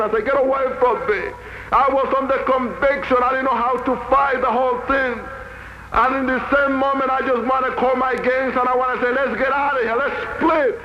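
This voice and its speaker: High-voiced man giving an earnest testimony. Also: muffled recording, a little hiss or hum. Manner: earnest, halting, repetitive phrasing. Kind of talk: emotional testimony sermon.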